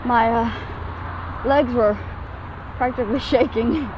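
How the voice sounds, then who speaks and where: A breathless woman with a fairly high voice rambles casually as she walks. She is recorded outdoors, with clear street and traffic noise behind her. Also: takes it slowly. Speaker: vlogger in a played clip. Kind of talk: casual vlog while walking.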